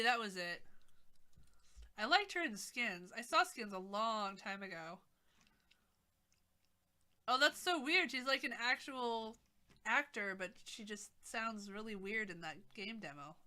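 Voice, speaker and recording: A woman streaming games and chatting casually, her voice bright and forward. She is excitable and thinks out loud as she goes. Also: mid-range voice. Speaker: game streamer. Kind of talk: casual live-stream chat.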